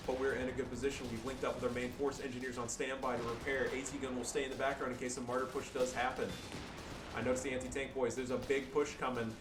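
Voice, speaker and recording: A man giving casual, profane, excitable commentary over his own strategy game match, joking and swearing between calls. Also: mid-range voice, fast talker, reverberant, recorded from a distance, background noise. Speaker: gameplay commentator.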